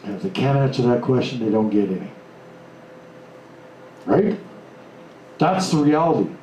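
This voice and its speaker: A man's voice: mid-range voice, lively intonation, normal speed, warm tone, recorded from a distance. Male seminar speaker, emphatic, echoey hall sound with faint hiss. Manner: emphatic, acts out quoted voices. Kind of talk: motivational seminar talk. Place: seminar room before a live audience.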